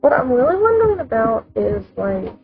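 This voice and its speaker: A woman's voice: a little high, sing-song, normal speed, gravelly, slightly rough. A woman hosting a let's play, musing casually and thinking aloud about the game. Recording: phone-like lo-fi mic with game music.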